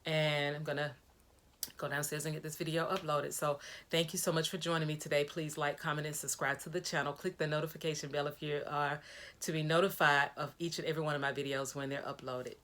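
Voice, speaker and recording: A woman's voice: deep voice, level tone, fairly quick, a bit bright. A woman vlogger talking casually to her viewers in a video diary, giving an upbeat, preachy pep talk.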